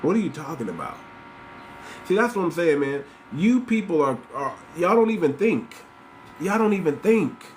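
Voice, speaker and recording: A man's voice: fairly high pitch, big pitch swings, normal speed, slight background noise. A man hosting a podcast, giving blunt, repetitive commentary straight to his listeners. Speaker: podcast host. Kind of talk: casual commentary monologue.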